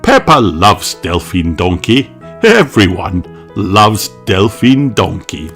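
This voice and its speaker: A reader narrating a children's picture book aloud, slowly and expressively. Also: deep voice, faint music behind. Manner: slow, very lively storytelling. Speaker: storybook reader.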